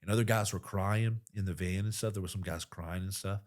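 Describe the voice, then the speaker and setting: Forties male veteran, slightly low voice; animated, salty podcast storyteller who punches his key lines. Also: fairly quick. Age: 40s. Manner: animated, profane, swings to loud emphasis. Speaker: podcast guest, military veteran. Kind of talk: casual storytelling.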